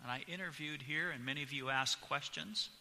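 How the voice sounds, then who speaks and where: A pastor preaching a sermon in a church, speaking slowly and with strong emphasis. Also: male voice, on the high side, bright, forceful tone. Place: church sanctuary. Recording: long church reverb.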